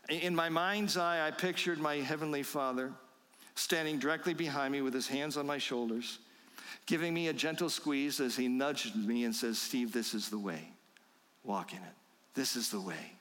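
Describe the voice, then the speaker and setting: A man preaching a sermon, slow and emphatic, asking his listeners rhetorical questions. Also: mid-range voice, fairly bright tone, long reverb tail. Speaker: pastor.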